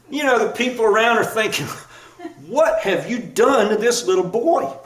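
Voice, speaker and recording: A man giving a sermon, telling a lively personal story and laughing at himself as he goes. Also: on the high side. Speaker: pastor. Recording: echoey room, mic at a distance.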